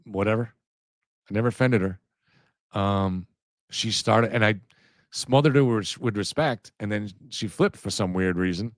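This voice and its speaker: A man's voice: fairly low pitch, unhurried, no echo, clean studio sound. A man hosting a casual livestream, talking through his thoughts in a rambling way, restarting his sentences and greeting viewers in the chat. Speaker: livestream host.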